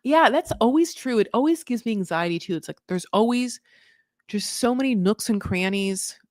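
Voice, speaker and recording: A woman's voice: on the high side, animated, normal speed, no echo, studio quality. A woman hosting a casual reality TV recap, chatty and swearing freely as she acts out what people said.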